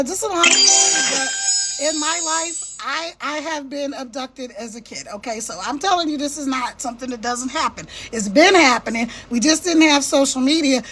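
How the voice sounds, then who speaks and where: A woman with a high, fairly bright voice delivers an impassioned monologue. She keeps checking in with her listeners, repeatedly asking "right?"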